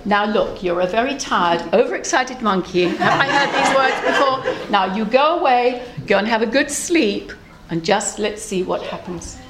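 A woman voicing a calm, wise female platypus in a storybook tale, with a steady, motherly manner. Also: a little high, normal speed, roomy sound, a loud crowd, heavy background noise, natural voice. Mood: soothing.

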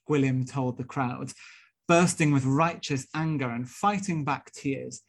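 A man's voice: mid-range voice, unhurried, gravelly. A young Welsh man, a minister-elect, delivering a sermon-style talk with earnest, rhetorical storytelling. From Wales.

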